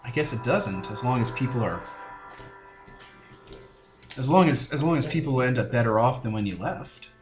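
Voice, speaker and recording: A man playing a tabletop game, speaking quietly and wryly in character. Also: mid-range voice, animated, moderate pace, pauses often, over music. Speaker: player.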